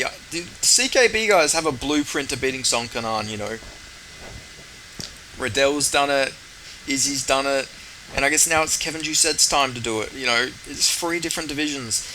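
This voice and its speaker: A man talks through fight predictions in casual, rambling chat and swears freely. His voice is bright and forceful. A faint noise sits underneath. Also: mid-range voice, rough recording.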